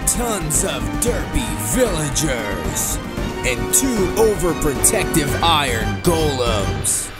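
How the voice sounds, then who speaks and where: A man voicing a deep-voiced dramatic movie-trailer announcer, speaking slowly and booming. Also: sing-song. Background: loud game music.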